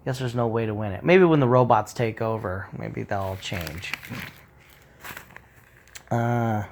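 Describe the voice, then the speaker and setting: A man's voice: fairly low pitch, slow, creaky, a little mellow, a little hiss or hum. A man talking in a loose, rambling monologue, swearing freely and acting out quoted remarks.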